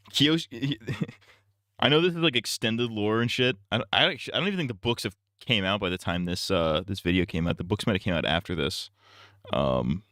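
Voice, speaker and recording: A man's voice: low voice, sharp tone, smooth, dry recording, clean studio sound. A man streaming and casually reacting to a video, with crude, mocking banter.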